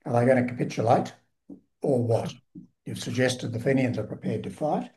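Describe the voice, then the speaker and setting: A man hosting a conversation, prompting the storyteller with eager questions and lively reactions. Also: medium pitch, moderate pace. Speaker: host. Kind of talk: conversational interview.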